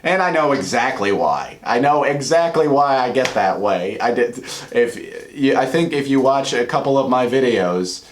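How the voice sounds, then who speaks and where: A man talking casually to camera about comedy sketches he loves, earnest and rambling, going soft and quiet in emotional moments. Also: mid-range voice, expressive, moderate pace. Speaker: YouTuber. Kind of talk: casual commentary vlog.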